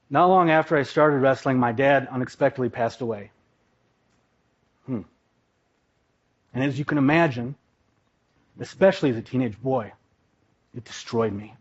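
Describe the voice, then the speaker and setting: A man from Minnesota giving a live stage talk, telling his story in a vivid, dramatic way. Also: mid-range voice. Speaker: speaker, former pro wrestler. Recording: dull, lo-fi live recording.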